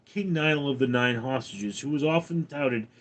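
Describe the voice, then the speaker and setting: A man live-streaming from home, reading chat comments and answering in a dry, deadpan way. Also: medium pitch, moderate pace.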